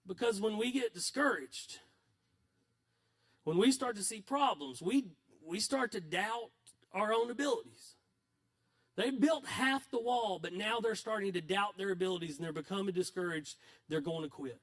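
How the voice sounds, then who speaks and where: A man's voice: high voice, normal speed, fairly bright tone. A male pastor preaching a sermon in a conversational, self-deprecating storytelling manner.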